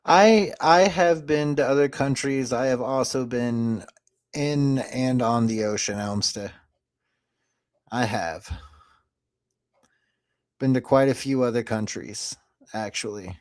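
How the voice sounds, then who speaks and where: Man, mid-pitched voice, pushy, teasing, dry close sound. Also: slow pace, long pauses, no room sound. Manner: pushy, teasing, demanding answers. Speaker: host. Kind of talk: casual online chat show.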